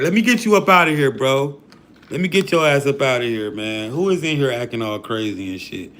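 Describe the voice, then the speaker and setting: A man's voice: mid-range voice, animated, fairly quick, fairly bright tone. A man hosting a livestream who preaches in a casual, profane rant full of slang and hype. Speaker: livestream host.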